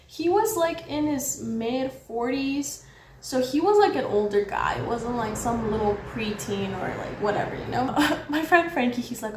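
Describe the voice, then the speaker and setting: High-voiced young woman, swearing and animated. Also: moderate pace. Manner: animated, heavy swearing, swings loud when heated. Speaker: vlogger. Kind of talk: storytime vlog. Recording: roomy echo with faint background noise.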